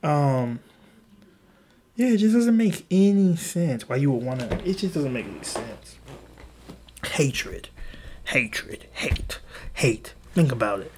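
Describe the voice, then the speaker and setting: A man's voice: a little high, sing-song, unhurried, mellow, slight background noise. A man hosting a solo podcast, rambling in a profane, casual way. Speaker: podcast host.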